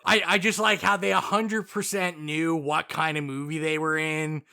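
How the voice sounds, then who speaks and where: A man's voice: a little high, fairly even intonation, normal speed, vocal fry, sharp tone, clean tone. A man co-hosting a movie podcast in casual chat, enthusiastic and gushing about what he liked. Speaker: podcast co-host.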